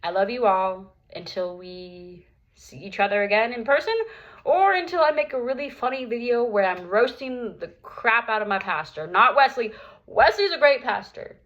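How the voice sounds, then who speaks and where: A woman's voice: fairly high pitch, animated, moderate pace, fairly bright tone, lo-fi sound. A young adult woman talking candidly and earnestly to her viewers in a personal vlog, with plenty of casual fillers. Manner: earnest, open, lots of "like" fillers. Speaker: vlogger.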